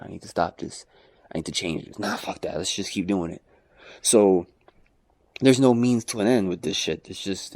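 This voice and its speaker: A man's voice: lowish voice, a little mellow, no room sound. A man ranting in a rambling, profane vlog monologue, jumping between mocking voices and his own. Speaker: vlogger.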